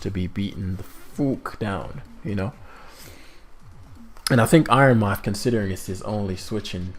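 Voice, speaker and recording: A man commentating his own competitive game in a casual, put-on British-sounding accent, swearing now and then with sudden loud outbursts. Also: low-pitched.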